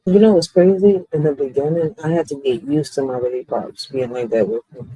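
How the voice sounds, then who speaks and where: A woman co-hosting a podcast, telling stories in an animated, profane, slangy way. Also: rumbling low, brisk, breathy edge, poor audio. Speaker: podcast co-host. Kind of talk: casual podcast chat.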